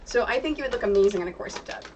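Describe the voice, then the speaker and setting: A woman's voice: mid-range voice, rapid-fire, muffled recording. A young woman hosting a casual crafting livestream, chatting in a rambling way. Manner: chatty and rambling, breaks off to hush her pets. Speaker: streamer host. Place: home craft room. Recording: distant mic with steady background noise.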